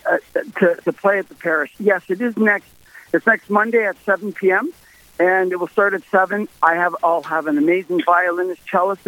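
A man's voice: high-pitched, dry recording. A male musician, a guest in a phone interview, telling stories with emphatic repetition. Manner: emphatic, repeats for stress. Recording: tinny dry phone line.

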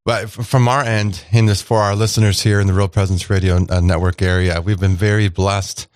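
A man hosts a radio talk show in a lowish voice. He talks in a loose, rambling way, full of fillers and restarts. The studio sound is dry and close, with no room echo. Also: level tone, fairly quick. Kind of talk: casual radio chat.

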